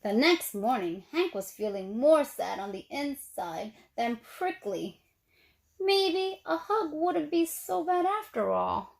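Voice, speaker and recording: Gentle teacher reading aloud to kids, unhurried and animated. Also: female voice, sits high, creaky. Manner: slow, gentle, expressive. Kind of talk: storybook read-aloud for children.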